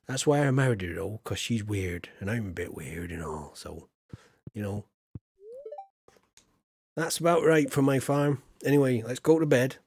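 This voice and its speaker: A chatty middle-aged English man livestreaming a cosy farming game, talking to his chat in a relaxed, rambling way. His voice sits at an everyday middle pitch, and he often drops into quiet mumbled asides before perking up again. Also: normal speed, long pauses, husky, no room sound. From England. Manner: chatty and playful, muttering asides, trailing off. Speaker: game streamer. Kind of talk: casual live-stream gameplay chat.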